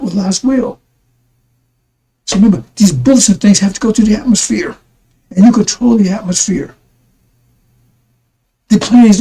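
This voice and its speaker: Guy with a dark mellow tone rambling on in a religious broadcast, keeps repeating himself. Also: high-pitched, creaky, rough recording. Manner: repetitive, addresses listeners as brothers and sisters.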